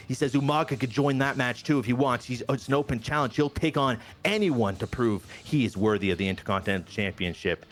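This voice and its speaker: A man casually narrating a multiplayer wrestling management game session, animated and quick to act out the wrestlers' lines. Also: medium pitch, soft background music. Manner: animated storyteller, briefly acting out wrestlers' lines. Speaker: game show host narrating a wrestling sim.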